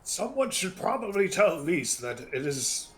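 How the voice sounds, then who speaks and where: Guy teasing while gaming, bouncy lively voice. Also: high voice, unhurried. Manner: playful, teasing. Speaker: co-op gaming partner. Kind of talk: casual gameplay chat.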